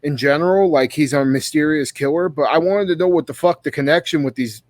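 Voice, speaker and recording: A man raving about slasher movie kills in loose, swearing podcast banter. His voice sits a little high and the sound is dry and close, with no room around it. He rambles and restarts as he talks. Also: fairly quick, no echo. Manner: profane, enthusiastic, rambling with restarts. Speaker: podcast co-host. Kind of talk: casual horror movie review chat.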